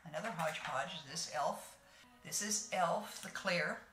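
A woman's voice: lowish voice, unhurried, a bit bright, reverberant, faint music behind. A woman in her sixties, chatting casually with viewers as she does her makeup and narrates each step in a homey way. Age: 60s. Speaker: beauty vlogger.

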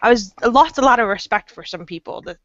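A woman's voice: a little high, expressive, fast, fairly bright tone, no room sound, dull audio. A woman guesting on a podcast, earnest and exasperated, often restarting her sentences. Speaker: guest investigator. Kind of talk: casual interview.

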